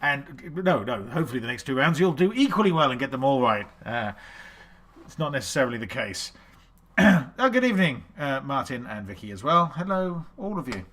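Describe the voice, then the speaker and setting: A man's voice: mid-range voice, very animated, brisk, a bit bright. A man hosting a live-streamed quiz, chatty and self-deprecating, greeting viewers by name and reading out scores and questions. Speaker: online quiz host.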